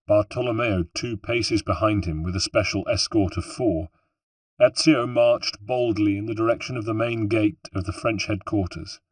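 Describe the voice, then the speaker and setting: A man narrating an audiobook in a steady, measured way. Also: on the low side, dry recording, distant mic. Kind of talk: scripted narration.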